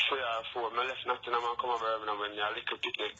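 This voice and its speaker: A young man talks in a relaxed Jamaican patois over a muffled phone line. His voice is bright and sharp, and a faint hiss sits under the call. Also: medium pitch, rapid-fire. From England. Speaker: phone-in guest.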